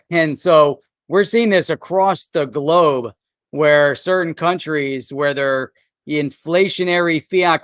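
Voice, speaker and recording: A man's voice: a little high, dry recording, clean studio sound. A man hosting a live show in a loose, chatty way, often dropping "man" and "you know". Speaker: livestream show host. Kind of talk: casual chat.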